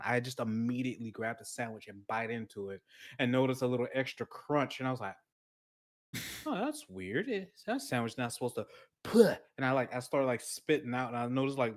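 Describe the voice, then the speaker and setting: A man hosting a casual podcast, telling crude stories animatedly with sudden yelps. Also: medium pitch. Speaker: podcast host. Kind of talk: casual chat.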